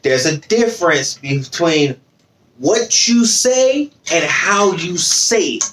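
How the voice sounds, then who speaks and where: A man's voice: sits high, lively intonation, slow pace, a bit bright. A man hosting a casual podcast, telling stories with a joking, laughing manner. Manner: laughs often, joking storyteller. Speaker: podcast host.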